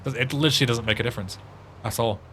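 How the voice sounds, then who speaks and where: A man's voice: medium pitch, quick pace, a bit bright, slight background noise. A young man live-streaming a game, chatting casually, rambling and swearing often. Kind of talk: casual live-stream chat while gaming.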